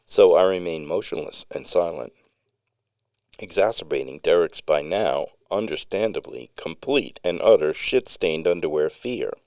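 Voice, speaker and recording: Deep-voiced man narrating a memoir. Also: animated, a little mellow, no room sound, studio quality. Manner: vivid, unhurried storytelling with occasional slips. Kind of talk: reading a personal memoir story aloud.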